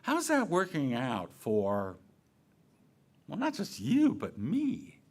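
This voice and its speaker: A man's voice: a little high, wildly swooping pitch, slow. A man giving a sermon to his congregation in a conversational, playful way, asking questions and acting out quoted phrases. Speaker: minister. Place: church sanctuary.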